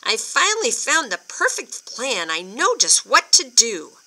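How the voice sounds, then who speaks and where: A woman voicing an angry male farmer in a children's storybook, shouting and exasperated. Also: a little high, huge pitch swings, measured pace, pitched above the performer's own voice, heavily acted.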